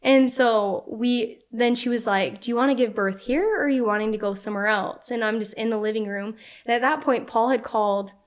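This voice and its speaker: Here a young woman appears as a podcast guest, casually telling something from her own life. She talks fairly quickly with few pauses, her slightly high voice lively, often saying "like" and dramatizing what people said.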